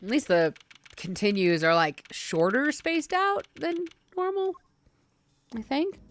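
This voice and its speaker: A woman's voice: high-pitched, takes it slowly. A woman streamer giving blunt, casual commentary while playing a game, swearing freely.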